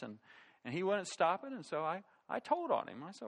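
Lively, high-voiced male pastor. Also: a little fast, creaky. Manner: animated storytelling, quotes people in character, laughs at his own stories. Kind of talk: sermon.

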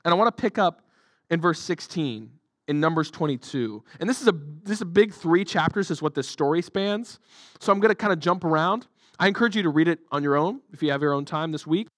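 A man's voice: on the high side, animated, a little fast, dry recording, studio quality. A male pastor preaching a sermon in a conversational, jokey way with many fillers.

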